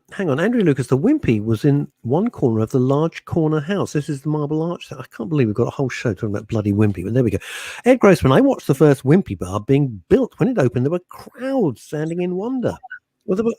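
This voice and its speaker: A talkative man co-hosts a radio chat show and laughs often as he tells his stories. His voice is slightly husky and his pitch swings up and down a lot. The studio sound is dry and close. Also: very animated, a little fast, warm tone, no room sound. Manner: laughing, chatty storyteller.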